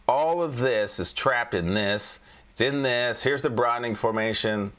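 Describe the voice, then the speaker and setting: A man's voice: medium pitch, measured pace, a bit bright. A man hosting a casual livestream about stock charts, talking in a folksy, joking way with frequent restarts. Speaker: trading coach and livestream host.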